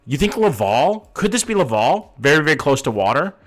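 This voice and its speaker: A man's voice: fairly high pitch, big pitch swings, brisk, a bit bright. A man streaming a game live, thinking aloud in a casual way, swearing now and then and greeting his chat by name.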